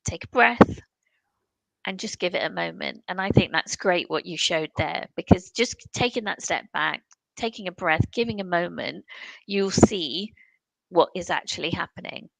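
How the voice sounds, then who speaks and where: A woman hosting an interview, agreeing warmly and building reflectively on her guest's points. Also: on the low side, moderate pace, creaky, no echo, rough recording. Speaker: interview host. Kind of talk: conversational interview.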